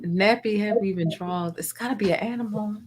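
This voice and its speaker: A woman on a casual panel, reacting with animated comments and offering advice. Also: mid-range voice, brisk.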